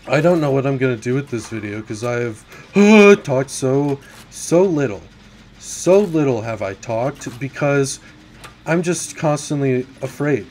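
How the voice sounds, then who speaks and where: With a medium-pitched, darkish voice, a gaming YouTuber narrates a horror game in an animated but unhurried way, against slight background noise. His nervous, jittery talk moves from mumbled worry to abrupt swearing, and now and then he drops to a whisper.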